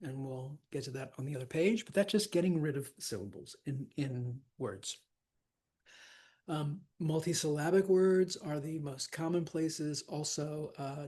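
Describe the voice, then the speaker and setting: A man teaching a lesson on verse scansion, talking casually, often checking in with "right?" and reading lines aloud slowly. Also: fairly high pitch, dark tone, slightly rough.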